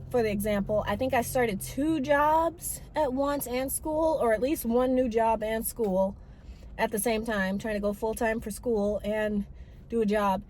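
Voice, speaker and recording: A young woman vlogs from a parked car, rambling casually and mocking herself while eating and talking with her mouth full. Her voice is on the high side, with slight background noise.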